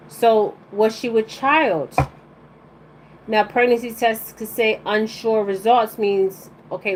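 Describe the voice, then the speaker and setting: A woman's voice: mid-range voice, slight background noise, low-quality recording. A woman giving a live-streamed oracle card reading to her viewers. She rambles bluntly in casual slang and keeps checking in with "okay?".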